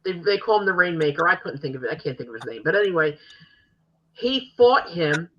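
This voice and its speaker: An older woman hosting a podcast, telling stories in an animated, gushing way. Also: on the low side, brisk, lo-fi sound. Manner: animated, gushing fan storytelling. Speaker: podcast host. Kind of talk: casual chat.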